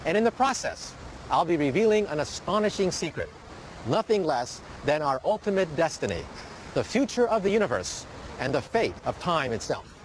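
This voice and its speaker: A man's voice: a little high, sing-song, moderate pace, a little hiss or hum. An older man presenting a science documentary in a dramatic, emphatic scripted narration. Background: background music.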